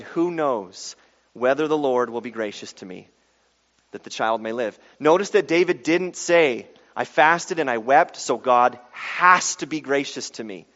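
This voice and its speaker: A male pastor preaching a sermon, moving from quiet reflection to loud, emphatic pleading. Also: fairly high pitch. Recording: dull sound in a reverberant hall.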